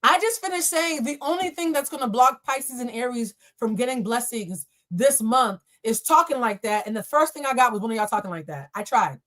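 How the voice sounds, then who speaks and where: A woman's voice: on the high side, animated, fairly quick, few pauses, fairly bright tone. A young adult woman hosting a live tarot reading, answering chat questions in a blunt, profane and playful way. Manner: blunt, profane and playful, addressing viewers as y'all. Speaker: tarot reader and live stream host.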